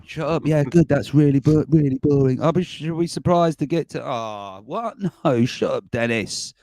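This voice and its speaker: A man's voice: a little high, moderate pace, warm tone. A man hosting a casual livestream, rambling and chuckling as he reads out viewer comments. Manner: chuckling, rambling, self-mocking. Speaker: livestream host.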